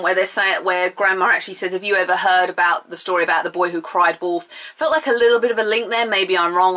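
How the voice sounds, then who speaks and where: A young woman chatting through a TV episode review, animated and sarcastic, with bursts of mock outrage. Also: on the low side. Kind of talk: casual video review.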